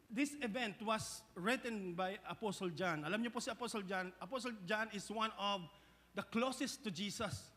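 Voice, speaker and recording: A man's voice: sits high, normal speed, pushed and bright, in a large hall. A man with a Filipino accent preaching a sermon, mixing English and Tagalog, often restarting phrases and asking the congregation "Amen?". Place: church hall.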